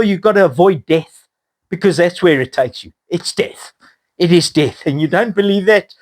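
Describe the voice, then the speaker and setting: A man's voice: sits high, moderate pace. A middle-aged man from Wales co-hosting a recovery podcast, talking candidly, swearing freely and poking fun at himself. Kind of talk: casual chat.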